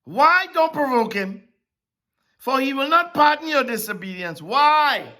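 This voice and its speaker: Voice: high-pitched, expressive, a little slow, sharp tone. A Bible teacher preaching a sermon-style lesson, who asks rhetorical questions and repeats key phrases for emphasis.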